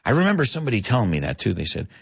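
A man's voice: lowish voice, rapid-fire, gravelly, slightly rough. A man teaching English in a live lesson, reading out viewer comments and correcting them with a laugh. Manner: animated, laughing, switching between English and Spanish to explain.

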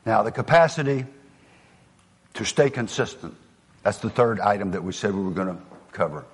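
A man's voice: on the low side, expressive, moderate pace, in a large hall, slight background noise. An older man with a Southern US accent giving a motivational speech, telling folksy stories and dropping to a near whisper for emphasis. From American South. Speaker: motivational speaker.

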